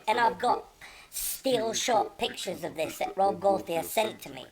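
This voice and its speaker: A woman's voice: medium pitch, lively intonation, measured pace, gravelly, a crowd in the background. A woman hosting her own channel, giving indignant, mocking commentary as she reads out messages, swearing freely. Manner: profane, mocking and exasperated. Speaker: channel host.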